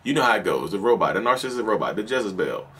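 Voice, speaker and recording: A man's voice: fairly low pitch, sing-song, rapid-fire, a bit bright, husky. A man with a Southern accent hosting a solo podcast, talking casually and emphatically, often repeating and restarting his phrases. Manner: repetitive, emphatic, restarts sentences, acts out quoted lines. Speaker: podcast host.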